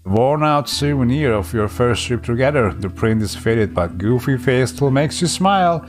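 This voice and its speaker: A man's voice: medium pitch, animated, moderate pace, hardly any pauses, soft background music. A man streaming a game, reading its text aloud and making casual, laughing asides. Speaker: let's-play streamer.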